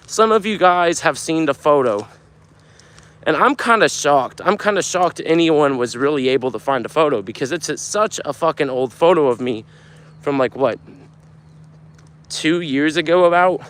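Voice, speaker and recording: Animated, foul-mouthed young man streaming. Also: fairly high pitch, normal speed. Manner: animated storyteller, swears a lot, gets loud when telling a story. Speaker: live streamer. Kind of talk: casual live stream chat, reading out viewer comments. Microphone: phone camera.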